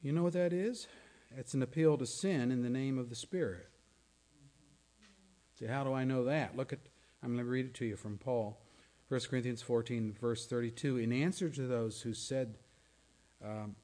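A man's voice: medium pitch, normal speed, warm tone. A male pastor preaching a sermon, earnest and questioning, sometimes dropping to a near-whisper for emphasis.

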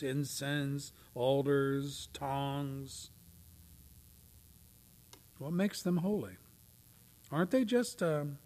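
A man preaching a sermon, swinging from loud, declaiming readings to near whispers. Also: on the high side. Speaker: pastor. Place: church.

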